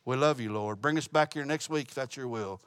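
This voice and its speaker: A man's voice: medium pitch, brisk, a bit bright, clean tone, no room sound. A man teaching a Bible study, telling a story and closing in prayer, earnest and plain-spoken with small restarts. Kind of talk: sermon with storytelling.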